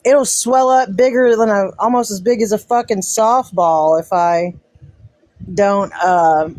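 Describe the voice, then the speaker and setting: A woman's voice: mid-range voice, measured pace, darkish tone, dry recording. A woman from Texas hosting a casual live-stream chat from home, talking with a loose, swearing, chatty manner and laughing often. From Texas, USA. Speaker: livestream host.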